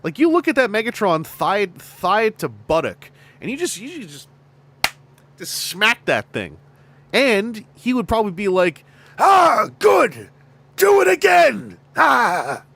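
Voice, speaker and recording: A man's voice: high-pitched, big pitch swings, measured pace, a bit bright, a little hiss or hum. A man hosting a podcast, chatting casually in a rambling, joking way. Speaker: podcast host. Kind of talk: casual chat.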